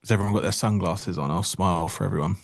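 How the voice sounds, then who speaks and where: A man's voice: low voice, quick pace, gravelly, no room sound. A man giving casual live-stream trading commentary, joking wryly and answering chat aloud into a close mic.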